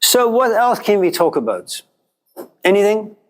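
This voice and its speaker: A man with a fairly high voice lectures a class in a casual, storytelling way. He is middle-aged and slips into quoted voices as he talks, keeping the tone of an informal classroom talk. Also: big pitch swings, a little slow.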